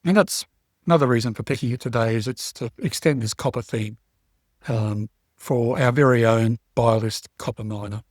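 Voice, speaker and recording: A man co-hosting a casual investing podcast, talking in a relaxed, rambling way with fillers as he thinks aloud. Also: medium pitch, normal speed, dry recording, clean studio sound. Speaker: podcast co-host.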